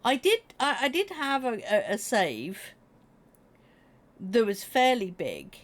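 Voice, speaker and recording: A woman chatting casually with her viewers during a live stream, animated and quick to laugh. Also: on the high side. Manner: chatty and animated, laughing, talking straight to chat. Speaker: Twitch streamer.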